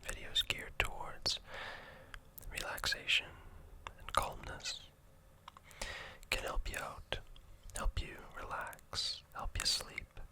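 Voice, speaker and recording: Slow whispering Canadian ASMR host. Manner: soft, unhurried, gently hesitant with fillers. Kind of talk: whispered ASMR map commentary.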